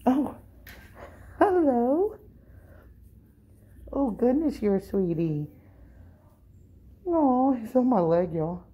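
A middle-aged woman, vlogging casually and cooing at cats in a high sing-song voice while talking through a face mask indoors. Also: big pitch swings, takes it slowly, long pauses, warm tone, husky. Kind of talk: casual vlog chat. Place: indoor cat shelter room. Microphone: handheld camera, talking through a face mask.

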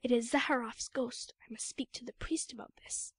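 A woman voicing a superstitious older male seal hunter, speaking in hushed, fearful tones. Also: on the high side, steady tone, normal speed, slightly rough, dry recording. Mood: uneasy.

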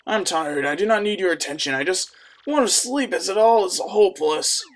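A hoarse man voicing a sleepy old male bomb general who goes from gloomy to pompous. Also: high-pitched, expressive, moderate pace. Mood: weary.

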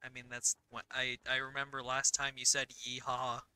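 A young woman gaming host rants and rambles with exasperated energy, her voice bright and clear. The sound is dry and close, picked up on a voice chat mic. She sits a touch high in pitch. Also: little pitch movement, no room sound, poor audio. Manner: rapid, rambling, exasperated ranting. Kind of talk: casual gameplay chat.

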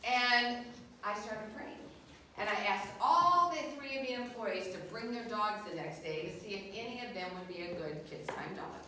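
Middle-aged lady telling kids a story, bright voice, big echoey hall, mic far off. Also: mid-range voice, normal speed, slight background noise. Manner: animated, asks the kids questions. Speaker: children's show host telling a story. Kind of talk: lively storytelling to children. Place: school hall with a live audience.

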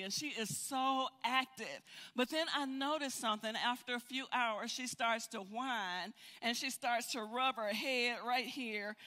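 An older woman teaching a Bible study, telling stories in an animated way and often repeating words. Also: a little high. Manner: animated, storytelling with frequent repeats. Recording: hall reverb.

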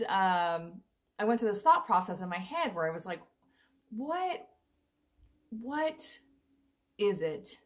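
A woman's voice: lowish voice, fairly bright tone. A young adult woman telling her personal story in a casual, rambling, emotional vlog. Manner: chatty, rambling, emotional, with frequent fillers and laughs. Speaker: vlogger.

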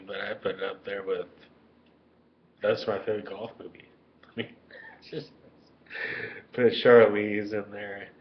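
A man's voice: lowish voice, highs cut off, slight background noise. A man rambling crudely and lovestruck in a webcam monologue at home. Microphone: webcam microphone.

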